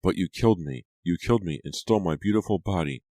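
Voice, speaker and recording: A man's voice: sits low, expressive, fast talker, dark tone, pitched above the performer's own voice. A man reading the part of a scarred, vengeful teenage girl ghost in an audiobook, with a cold, commanding manner. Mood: accusing.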